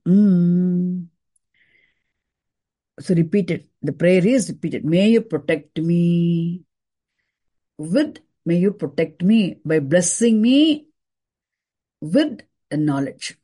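A woman teaching a scripture class, explaining terms deliberately and repeating key words for emphasis. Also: fairly low pitch, expressive, dark tone.

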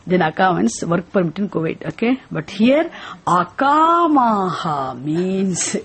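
Husky-voiced woman teaching scripture slowly. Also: lowish voice. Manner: deliberate, repeats phrases, asks rhetorical questions. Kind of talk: slow scripture lesson.

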